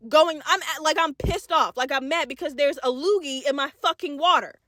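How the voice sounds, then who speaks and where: A young woman hosting a podcast, telling a story in a loud, profane, animated casual way straight to her listeners. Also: high-pitched, brisk, hardly any pauses, dry recording, studio quality. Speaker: podcast host. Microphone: podcast mic.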